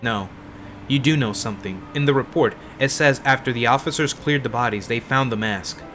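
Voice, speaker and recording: A man's voice: mid-range voice, moderate pace, a bit bright, slight background noise, natural voice. A man voicing a young male detective in a game, insistent, demanding the truth.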